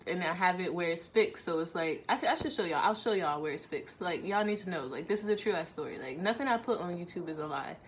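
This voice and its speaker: A woman tells a personal story straight to camera in a casual vlog. She voices both sides of a quarrel as she goes and leans on conversational fillers. Her voice sits a little low, with a faint hum behind her. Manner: animated, acts out both sides of the argument. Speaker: YouTuber telling a personal story.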